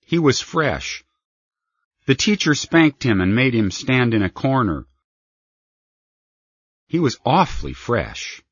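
A man's voice: medium pitch, very animated, slow, long pauses, fairly bright tone, husky, no room sound, highs cut off, exaggerated voice. A man voicing a rude, boastful young schoolboy with a blunt, cocky manner in a storybook reading.

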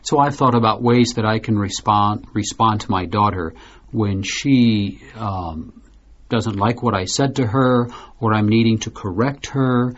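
A man hosting a slow, clearly spoken discussion for learners, explaining things patiently. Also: on the low side. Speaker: host. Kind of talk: scripted learner podcast discussion. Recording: dull lo-fi recording.

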